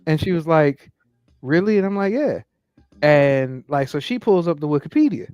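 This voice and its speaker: A man in his thirties chatting casually as a podcast co-host, telling stories with lively acted-out asides. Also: on the high side, moderate pace, smooth. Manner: animated storyteller acting out his own inner voice. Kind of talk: casual chat.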